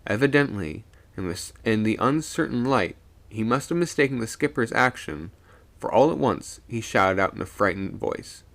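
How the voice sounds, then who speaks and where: A man reading a spooky sea story aloud on a live stream, animated, with small stumbles and self-corrections. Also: on the low side, moderate pace.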